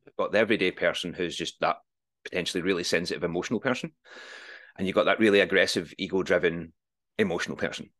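Man, 40s, very low voice, earnest, reflective, candid podcast guest. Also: fast, a bit bright. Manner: earnest, reflective, swears freely. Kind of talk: candid interview conversation.

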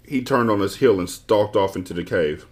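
A man's voice: on the low side, moderate pace. A man reading a children's novel aloud as the host of a book club show.

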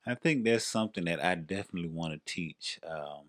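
A man with a Southern accent, co-hosting a casual podcast chat with his wife and telling stories with lively quoted voices. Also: sits low, a little fast, dry recording, clean studio sound. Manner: animated storyteller, acts out quoted voices. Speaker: podcast co-host.

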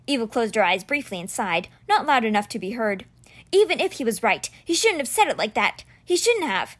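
A woman reading a novel aloud chapter by chapter, with expressive storybook narration. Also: a little high, a little fast. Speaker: audiobook reader.

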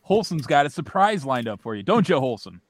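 A man's voice: on the high side, very animated, fairly quick, dry recording. Dry, teasing man turning forty. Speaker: podcast co-host. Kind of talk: casual chat.

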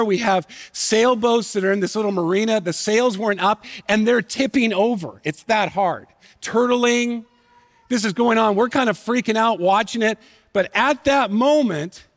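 A male pastor delivers a sermon in a fairly high voice, telling a personal story with earnest feeling. He drops softer and slower to drive points home. The sound carries a long reverb from a large church hall. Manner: earnest, emotional storytelling, slows and softens for emphasis. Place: church sanctuary.

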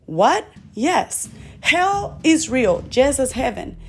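A woman's voice: high-pitched, sing-song, slow, breathy edge. A woman preaching a recorded sermon, earnest, asking rhetorical questions and then leading listeners in prayer. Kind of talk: recorded sermon with altar call.

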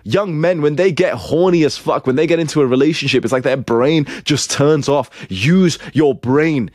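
A man's voice: a little high, brisk, no room sound, clean studio sound. A young man giving blunt, profane dating advice in a lecturing, scolding manner.

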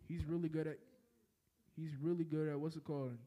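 A man with a somewhat high voice, co-hosting a casual podcast. He talks in a laid-back way, with plenty of "um"s and quick reactions. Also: level tone, dark tone. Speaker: podcast co-host. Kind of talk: casual chat.

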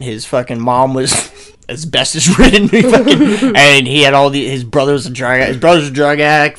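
A man's voice: mid-range voice, sharp tone. A man co-hosting a podcast in a casual, profane, rambling way, laughing often. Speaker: podcast co-host.

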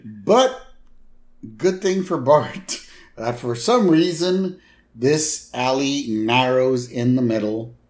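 A man speaks slowly and evenly on a podcast, walking through a cartoon plot and chiming in with short agreements. His pitch sits in the middle, and he leaves room between his words. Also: lively intonation, a little mellow. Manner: unhurried, lots of short agreeing replies. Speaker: podcast co-host. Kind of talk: casual chat recapping a cartoon episode.

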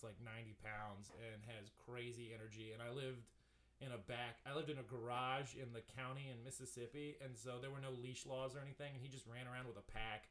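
A man talking loosely on a podcast, his sentences full of "like" and false starts. His voice sits at an ordinary middle pitch, easygoing and conversational, as if recorded in a home apartment. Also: fairly bright tone. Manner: rambling, full of "like" and restarts. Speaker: podcast guest. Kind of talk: casual podcast chat.

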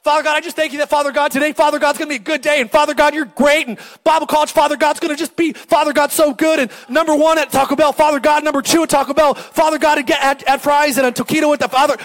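A man's voice: extremely high pitch, fairly even intonation, quick pace, hardly any pauses, fairly bright tone, voice pushed up. A man doing an eager young student praying. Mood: earnest. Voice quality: repetitive, breathless, chanting.

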